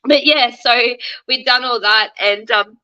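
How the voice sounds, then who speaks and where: Bright Australian woman telling her story. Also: on the high side, a little slow, lo-fi sound. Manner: chatty, acts out quoted dialogue, laughs often. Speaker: interviewee sharing her recovery story. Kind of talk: candid conversational storytelling.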